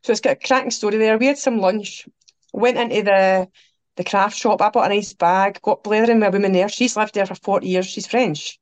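A Scottish woman, a podcast guest, telling travel stories in lively conversation, acting out what people said and laughing along. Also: medium pitch, fairly quick, no room sound. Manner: animated, quotes people, laughs through her stories. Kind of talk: anecdotal storytelling chat.

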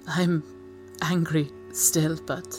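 A woman voicing a young woman freed from captivity, who speaks haltingly and breaks into tearful apologies. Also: low voice, flat delivery, music in the background. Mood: earnest. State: crying.

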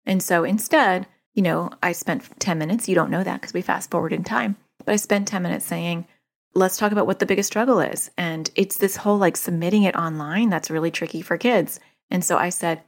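Animated woman giving parenting advice. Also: fairly low pitch, brisk, creaky. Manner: animated, acts out quoted voices of kids and parents. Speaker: parenting coach answering a listener. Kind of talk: casual advice talk.

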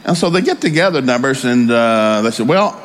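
A middle-aged man preaching a sermon, telling personal stories and acting out both sides of the conversations. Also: a little fast. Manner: storytelling preacher, acts out both sides of conversations, lively jumps in pitch.

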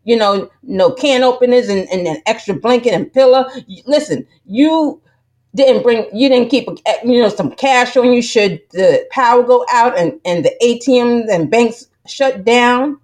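Woman podcast host, higher-pitched, preachy and emphatic, rambling solo talk full of fillers. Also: measured pace, a little mellow. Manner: emphatic, preachy, keeps saying "listen"; rambling with many fillers and restarts. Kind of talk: casual monologue podcast.

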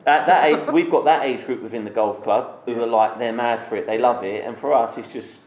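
Man telling an animated story. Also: mid-range voice, a little fast, muffled recording. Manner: animated storyteller acting out quoted dialogue. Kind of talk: casual storytelling chat. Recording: echoey room.

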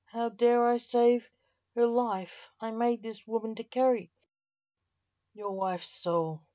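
A woman reading the lines of a sly male necromancer who performs as an actor, in a slow storybook manner with her pitch a little raised. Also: expressive, darkish tone, no room sound. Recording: dull lo-fi dry recording.

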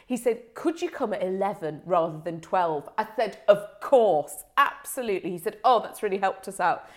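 A woman's voice: mid-range voice, normal speed. A woman co-hosting a podcast, chatting casually and telling a story with lots of laughter. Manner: animated storytelling, laughing often. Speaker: podcast co-host. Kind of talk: casual chat.

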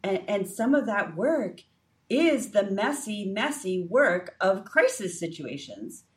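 Woman co-host, mid-pitched, lively storyteller, a bit off-mic. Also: slow pace, recorded from a distance. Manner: lively storytelling with frequent fillers and restarts. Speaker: podcast co-host. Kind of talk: casual faith podcast chat.

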